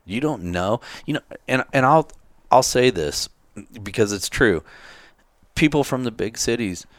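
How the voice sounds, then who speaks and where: A man's voice: medium pitch, lively intonation, unhurried, no room sound. A man in casual conversation who speaks bluntly, swears freely and acts out the people in his stories. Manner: blunt, profane storyteller who acts out quotes. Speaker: podcast co-host. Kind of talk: casual chat.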